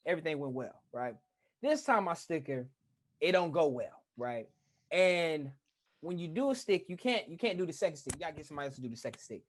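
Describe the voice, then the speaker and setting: Lively woman telling a story. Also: low-pitched, a little fast. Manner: chatty storyteller, laughs often. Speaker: podcast co-host. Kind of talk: casual chat.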